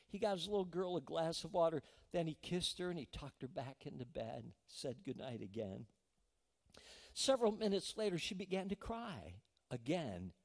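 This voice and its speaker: Folksy high-voiced pastor in a reverberant church. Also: male voice, darkish tone. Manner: folksy storytelling with frequent restarts and "right?" asides. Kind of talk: sermon. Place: church sanctuary. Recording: long church hall reverb.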